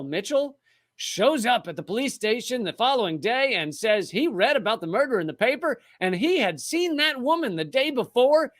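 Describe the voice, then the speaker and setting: Guy hosting a podcast, kinda high bright voice, sarcastic jokey retelling. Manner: sarcastic, joking asides. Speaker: podcast host. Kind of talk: casual chat, retelling a true crime case.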